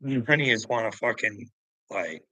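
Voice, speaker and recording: A man's voice: lowish voice, expressive, normal speed, bright, forceful tone, dry recording, poor audio. A man livestreaming to his chat, ranting in a profane, confrontational, goading way.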